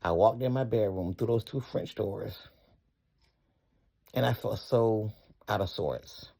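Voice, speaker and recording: A middle-aged man tells his own story in a fervent, folksy, rambling way. His voice sits a little low. He keeps breaking off to give thanks to God. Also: slow pace, gravelly, warm tone. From Atlanta area, US. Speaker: storyteller recounting a personal event. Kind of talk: emotional personal testimony.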